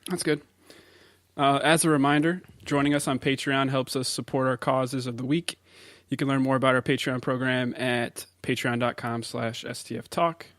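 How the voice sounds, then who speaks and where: A man in the middle of the pitch range, co-hosting a relaxed podcast. He reads headlines aloud and laughs easily. The sound is dry and close-miked. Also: moderate pace, dry recording. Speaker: podcast co-host. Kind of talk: casual podcast chat.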